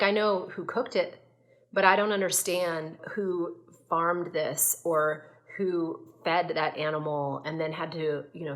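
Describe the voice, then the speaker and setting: Woman, gut health coach, casual vlog talk, earnest and thoughtful, a little low-pitched. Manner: earnest, thoughtful, with frequent fillers and restarts. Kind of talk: casual reflective talk to camera.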